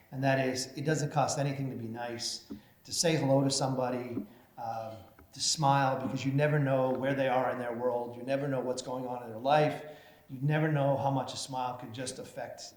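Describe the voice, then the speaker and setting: A middle-aged man, a mayor, giving an award acceptance speech as a folksy storyteller with hesitant fillers, into a podium microphone in a large event hall. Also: mid-range voice. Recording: echoey hall, faint noise.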